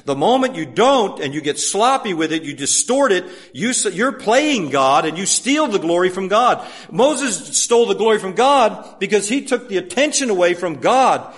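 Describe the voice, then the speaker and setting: A man preaching a sermon emphatically, asking many rhetorical questions and swinging from loud urging to hushed asides. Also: sits high, sing-song, moderate pace, hardly any pauses, slightly rough.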